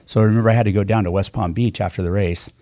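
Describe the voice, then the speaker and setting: A man telling a story as a guest racing driver in a casual chat, animated and acting out other people's lines. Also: lowish voice, very fast, no echo.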